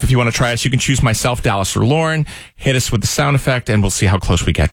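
Fast-talking male radio host. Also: medium pitch, animated, background noise. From Maryland, USA. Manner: quick, playful, runs the segment. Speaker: radio morning show host. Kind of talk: casual radio banter.

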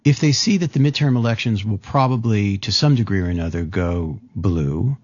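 A man's voice: on the low side, expressive, normal speed, darkish tone, breathy edge, no echo, lo-fi sound. A man interviewing a guest, asking long, thoughtful questions with some restarts. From lives in New York.

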